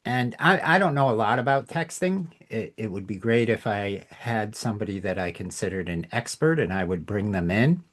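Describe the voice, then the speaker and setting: A man's voice: lowish voice, animated, normal speed, few pauses. A man hosting a communication podcast, giving an informal lesson in a reflective, emphatic way. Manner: reflective, emphatic, acts out tones in examples. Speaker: podcast host teaching communication.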